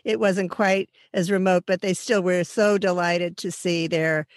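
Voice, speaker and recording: An older woman hosting a travel podcast, speaking in a warm, encouraging way and nudging her guest along with questions. Her voice is recorded dry and close, with no room sound. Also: lowish voice, steady tone, measured pace, no echo. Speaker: podcast host. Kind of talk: conversational interview.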